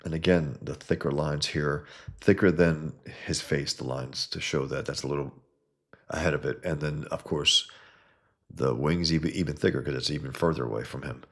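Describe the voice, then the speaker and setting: A man's voice: extremely low pitch, fairly even intonation, normal speed. A man hosting a casual livestream, talking enthusiastically about comic art and reading chat messages aloud, with blunt profane asides.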